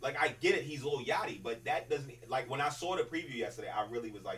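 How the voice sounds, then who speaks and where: A man co-hosting a casual podcast, talking fast in quick bursts of opinion and emphatic asides. He sits a bit away from the microphone, so his voice sounds slightly distant. He has a mid-range voice. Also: mid-range voice, lively intonation, a bit bright. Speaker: podcast co-host. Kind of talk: casual chat.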